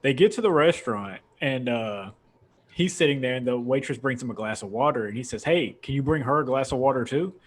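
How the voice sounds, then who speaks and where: A man's voice: medium pitch, expressive, fairly quick. A young man hosting a casual podcast, rambling through a long story with frequent laughs. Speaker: podcast host. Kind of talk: casual chat.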